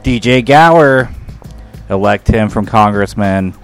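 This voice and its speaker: A man co-hosting a radio show in casual banter, easygoing and quick to laugh. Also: fairly low pitch, expressive, faint music behind. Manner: slow, easygoing, laughs often.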